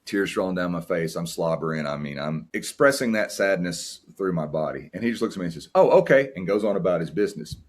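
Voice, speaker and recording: Reflecting on fatherhood as a podcast guest, this very deep-voiced American talks fast with hardly any pauses, earnest and open. His words are warm yet plain, full of restarts as he hunts for them, and he tears up at times.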